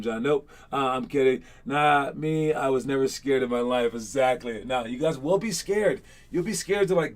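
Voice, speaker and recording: A young man coaching kids online, giving a rambling, energetic pep talk and running a trivia game. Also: medium pitch. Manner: energetic, rambling, repeats "all right?". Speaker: basketball coach hosting an online session.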